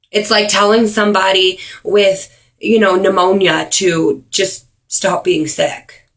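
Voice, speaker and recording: A woman talking straight to camera in an earnest personal video, with many ums and pauses for emphasis. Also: mid-range voice, flat delivery, a bit bright. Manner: earnest, frequent ums, speeds up and slows down for emphasis. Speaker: vlogger. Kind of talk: earnest direct-to-camera awareness talk.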